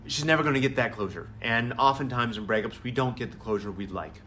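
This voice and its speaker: Animated man giving family advice. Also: mid-range voice, quick pace, a little hiss or hum. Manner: conversational and animated, acts out quotes. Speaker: family therapist hosting a weekly live Q&A. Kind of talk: live-stream advice talk.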